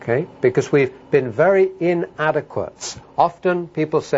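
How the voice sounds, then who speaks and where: A middle-aged man preaching a sermon, talking emphatically and building to loud, animated outbursts. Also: a little high, moderate pace, few pauses. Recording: dull lo-fi sermon recording.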